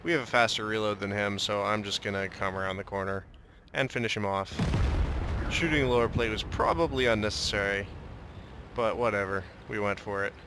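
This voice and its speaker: A young gameplay commentator casually narrates his own tank battle, joking and slipping into a mock Russian way of talking. His lowish voice moves a little fast over background noise.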